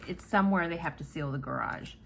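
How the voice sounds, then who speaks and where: A woman chatting casually while she sets up a planner, telling a rambling, animated story with some casual swearing. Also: sits low, fast talker, creaky, a little hiss or hum. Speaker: planner vlogger.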